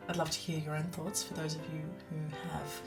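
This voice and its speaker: Woman in her thirties, podcast host, low voice, earnest and hushed, slips into near-whispers. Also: level tone, brisk, creaky, music in the background. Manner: soft, often breaking into a hushed, whispery voice; earnest and personal, quoting scripture. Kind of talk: reflective solo podcast monologue.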